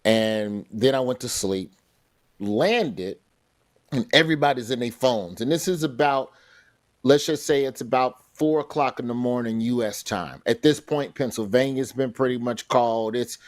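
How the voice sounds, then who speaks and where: A man, a comedian and TV host, telling stories in a casual chat and jumping into quick character voices. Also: mid-range voice, no room sound. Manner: animated storytelling, slips into character voices. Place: remote, in London.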